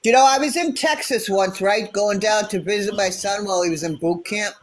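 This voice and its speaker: A woman's voice: mid-range voice, brisk. Middle-aged American woman, chatty storyteller with blunt opinions, phone livestream guest. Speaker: guest caller. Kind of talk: casual livestream chat.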